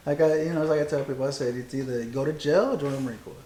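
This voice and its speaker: A man's voice: on the high side, racing, dark tone, a little hiss or hum. Rambling man in an echoey room. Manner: rambling, loose and profane, many fillers. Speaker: podcast host, Marine veteran. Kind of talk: casual podcast chat.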